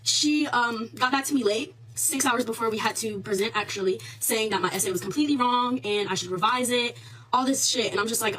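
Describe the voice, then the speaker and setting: A woman's voice: a little high, a little fast, noisy background. A woman in her twenties, a student, candidly telling her side of a story in a casual vlog recorded on her phone. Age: 20s. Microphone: phone camera.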